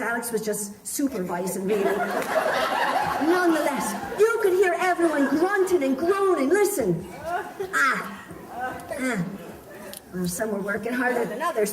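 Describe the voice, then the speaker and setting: High playful woman telling a pirate tale. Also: expressive, normal speed. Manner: playful, theatrical, coaxing, with pet names. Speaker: storyteller leading children's pirate play. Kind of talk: interactive storytelling with children. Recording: echoey room, picked up from a distance.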